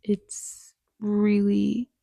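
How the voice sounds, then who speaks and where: Young woman, vlog confessional: slow, husky, hushed, worn out from crying, dry close sound. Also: mid-range voice, monotone, no room sound. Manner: slow, soft, halting with many fillers and pauses, often near a whisper. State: sad, tired after crying. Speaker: vlogger and new mother. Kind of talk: personal vlog, candid talk to camera.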